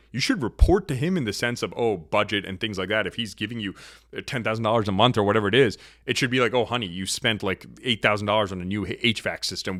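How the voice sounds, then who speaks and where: Lively lecturing man, low voice. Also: dry recording, studio quality. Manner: assertive, lecturing, shifts pitch and volume often. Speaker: podcast host. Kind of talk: casual opinionated monologue.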